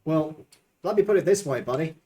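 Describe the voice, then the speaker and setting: A man's voice: fairly high pitch, lively intonation, fairly quick, dark tone, slight background noise, close to an everyday voice. A man voicing a laid-back drow woman with an Australian accent, blunt and swearing casually. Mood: wry.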